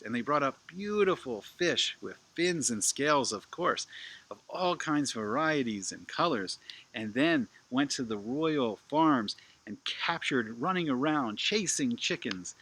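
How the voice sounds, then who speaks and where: A man narrating a children's story with animated, playful asides to his listeners. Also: medium pitch.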